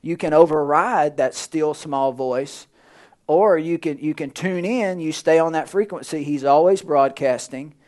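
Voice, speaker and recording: High-voiced preaching man, loud to hushed. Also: a little slow. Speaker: pastor. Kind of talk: sermon. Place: church.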